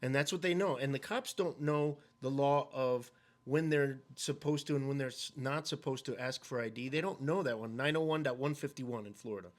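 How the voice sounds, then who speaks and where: A man's voice: mid-range voice, fairly quick. A man as a guest in a casual talk, speaking emphatically and with strong opinions. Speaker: guest, fellow activist. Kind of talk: casual conversation.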